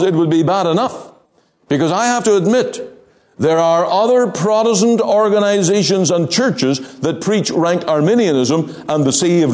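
A man preaching a sermon in a measured, emphatic way, slowing down to stress key words. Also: on the high side, a little mellow.

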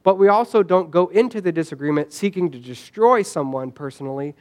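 Brief: male pastor, high-pitched voice, chatty sermon delivery with quick asides. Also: animated, darkish tone. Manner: conversational, frequent "right?" asides, acts out quoted lines.

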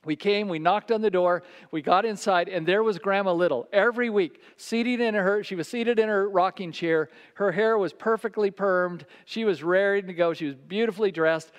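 A man preaching a sermon as pastor, telling a story and dropping to a soft, quiet voice for quoted words. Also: high-pitched, normal speed, few pauses, smooth. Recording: long reverb of a large hall.

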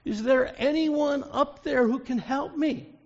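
A man's voice: extremely high pitch, slow pace, pitched above the performer's own voice, full character voice. A pastor doing a panicked man crying for help. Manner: desperate shouting plea. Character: terrified man dangling from a cliff. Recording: dull echoey hall.

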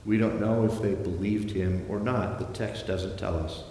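A man's voice: lowish voice, fairly even intonation, moderate pace, dark tone, slight background noise. A man preaching a sermon in a church, storytelling with dramatic shifts and acting out the voices he quotes. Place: large echoey church hall. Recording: echoey hall reverb, faint ambience.

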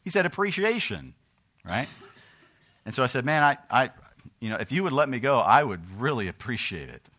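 Man, middle-aged, pastor, sermon, bright tense tone, mid pitch, emphatic reading, low chatty storytelling. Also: sing-song, moderate pace, long pauses. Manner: preaching, swings from loud emphatic scripture reading to low conversational storytelling.

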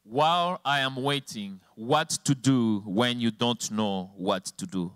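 A man preaching in church, weaving a painful story from his own life into the message. His voice is of middle pitch and swings up and down with feeling, and the sound is close and dry. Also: slow, fairly bright tone, no room sound. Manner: emotional storytelling, voice rising and falling sharply. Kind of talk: sermon with personal testimony. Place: church with slides and a helper at the computer.

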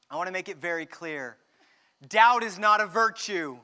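Man, pastor, sermon, very high voice, smooth and clear, animated. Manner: animated, acts out dialogue, slows down for emphasis.

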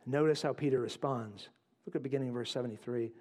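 A male pastor preaching a sermon, acting out quotes and dropping to quiet asides. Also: medium pitch, quick pace. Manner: animated, acts out voices in quotes, drops to quiet asides.

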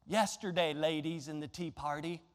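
A man preaching a sermon, telling a Bible story in an animated way and throwing rhetorical questions at his congregation. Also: fairly high pitch, normal speed, in a large hall. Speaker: pastor.

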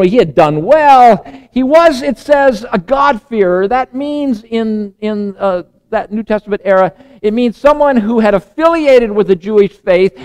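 A man giving a sermon in a loose, conversational way, often restarting phrases and dropping to a hushed tone. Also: high voice. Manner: conversational and digressive, many repeated starts. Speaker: preacher.

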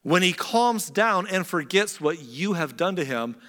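A man voicing a scheming mother who urgently warns her son, in a measured way. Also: high voice, expressive, fairly bright tone, long reverb tail, pitched above the performer's own voice.

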